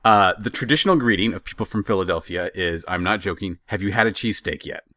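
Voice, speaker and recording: A man's voice: low-pitched, fast talker, sharp tone, dry recording. A young man hosting a podcast, telling a travel story in a casual, self-deprecating way. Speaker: podcast host.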